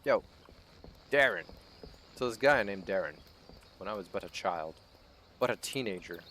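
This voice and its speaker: A man's voice: on the low side, animated, moderate pace, sharp tone, a little hiss or hum. A man giving crude, joking commentary over a video game, swearing a lot as he talks. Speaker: let's play host. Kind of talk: casual gameplay commentary.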